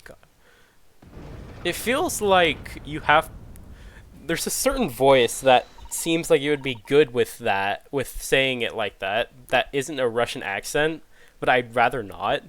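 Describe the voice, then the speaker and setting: A young man streaming a game, making relaxed asides to chat and chuckling at himself. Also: mid-range voice, takes it slowly. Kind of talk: casual gaming commentary.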